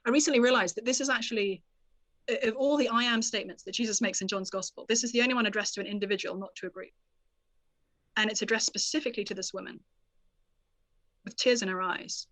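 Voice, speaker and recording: A woman author, a podcast guest, explaining a Bible passage in an animated, storytelling manner. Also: on the high side, quick pace, pauses often, dry recording. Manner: animated storyteller, quotes scripture expressively. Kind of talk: conversational Bible teaching.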